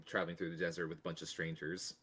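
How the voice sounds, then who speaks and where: A man's voice: sits low, level tone, fast talker, a bit bright, husky. A man chatting casually as a tabletop game player, playful and often laughing.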